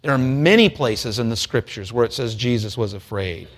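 A man preaching a sermon, shifting between hushed, slow passages and rising, fervent stretches. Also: medium pitch.

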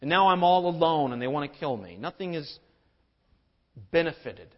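A man's voice: on the high side, lively intonation, normal speed, highs cut off, lightly acted. A man preacher voicing a despairing, self-righteous male prophet who whines and complains. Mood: whining. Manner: whining, exasperated.

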